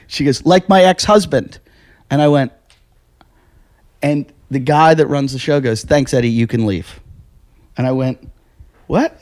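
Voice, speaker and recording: A man, a stand-up comedian, telling stories in casual chat and acting out the people he quotes. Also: mid-range voice. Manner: animated, acts out quoted voices.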